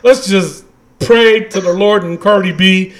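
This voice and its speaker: A man co-hosting a wrestling podcast in casual chat, animated and laughing often as he rants. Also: high voice, unhurried, slight background noise. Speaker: podcast co-host.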